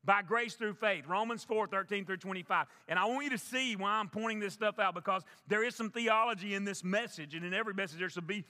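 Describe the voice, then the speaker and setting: A man's voice: high voice, fast talker, hardly any pauses, bright, forceful tone. A male pastor preaching a sermon, emphatic, repeating key phrases for the congregation. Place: church sanctuary. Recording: long church reverb.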